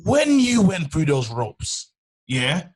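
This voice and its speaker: A male podcast co-host asking eager, excited questions in a casual interview. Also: fairly high pitch, slow, a crowd in the background.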